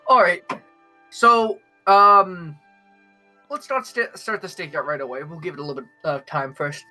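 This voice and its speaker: Bright-voiced young game master. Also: male voice, on the high side, normal speed, faint music behind. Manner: hesitant, many fillers and restarts. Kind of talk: narrating a tabletop game.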